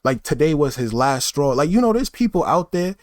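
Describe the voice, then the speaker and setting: A man's voice: fairly high pitch, very animated, fairly quick, dry recording, clean studio sound. A man, talking loosely in a casual monologue full of fillers and tag questions. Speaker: vlogger.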